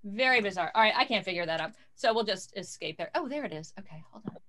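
A woman's voice: mid-range voice, expressive, quick pace, pushed and bright. A woman quilter chatting casually on a video call, rambling a little while she fiddles with sharing her screen. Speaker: guest quilter.

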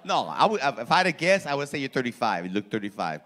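A man in his forties doing crowd-work stand-up in a comedy club, loud and profane, teasing people in the audience. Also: medium pitch, big pitch swings, fast. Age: 40s.

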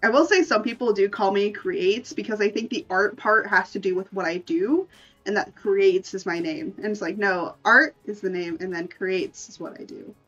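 A woman's voice: mid-range voice, moderate pace, a bit bright, highs cut off, faint music behind. A woman streamer chatting casually while she draws, rambling, correcting herself and laughing often. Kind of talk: casual chat while drawing.

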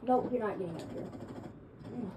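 A woman streaming gameplay, with excitable trash talk and sudden yelps. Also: medium pitch, normal speed, slight background noise, rough recording. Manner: excitable, trash-talking, yelps when killed. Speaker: gaming streamer. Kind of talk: live gameplay commentary.

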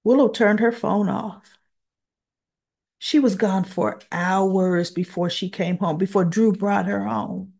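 A woman recapping a soap opera episode in a casual monologue, emotional and teary, exasperated and animated as she retells it. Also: mid-range voice, slow, gravelly.

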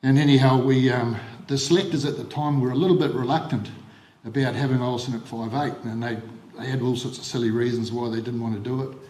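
An older man with a New Zealand accent, a former coach giving a funeral eulogy, halting with repeated words and ums. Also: medium pitch, steady tone, a little mellow. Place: funeral service hall. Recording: echoey hall on livestream.

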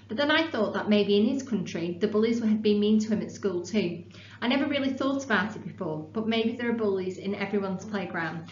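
Measured woman teacher in an echoey room. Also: mid-range voice. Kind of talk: teaching and reading a novel aloud. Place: classroom. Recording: echoey room, dull sound, faint hum.

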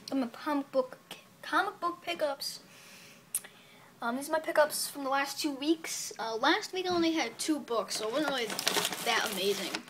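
A woman's voice: high-pitched, fairly bright tone, slight background noise. A woman casually reviewing her comic book purchases on video, chatty and upbeat, rambling with many fillers.

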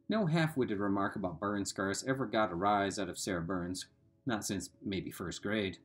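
A man reading a novel aloud in a steady voice, sometimes correcting a slip. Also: on the low side, moderate pace.

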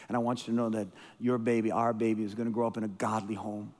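A man's voice: mid-range voice, racing, hardly any pauses, a little mellow. A man giving a storytelling sermon as a guest preacher, emotional and rambling, with frequent restarts and repeated words. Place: church sanctuary. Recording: long hall reverb.

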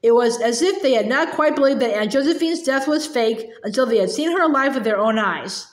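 A woman reading a novel aloud, clearing her throat often and restarting small slips. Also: high-pitched, animated, brisk. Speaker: audiobook reader. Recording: roomy echo.

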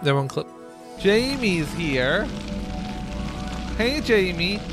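A man streams live and jokes around, slipping into squeals of falsetto. His voice sits high and leaps all over the place as he talks at an unhurried pace. Music plays underneath him. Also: big pitch swings. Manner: silly, joking, bursts of squealing falsetto. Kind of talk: casual live-stream chat.

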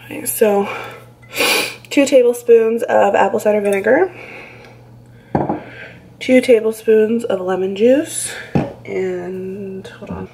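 A woman's voice: medium pitch, steady tone, takes it slowly, gravelly, long pauses, mellow, poor audio. A young woman vlogging casually at home, reacting dramatically and squeamishly as she talks through a recipe. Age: young adult. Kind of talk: casual vlog chat.

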